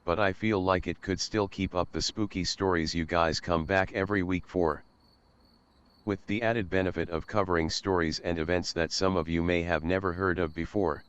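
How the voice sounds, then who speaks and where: A man's voice: low voice, a bit bright, clean tone, highs cut off. A young man reading a scripted, earnest announcement about his channel as its host.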